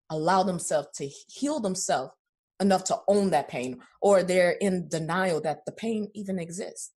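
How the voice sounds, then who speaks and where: A woman's voice: lowish voice, slightly rough. A woman hosting an interview show, encouraging her guest and asking questions she prepared from notes. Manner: warm encouraging reactions, reads from notes. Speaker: talk show host.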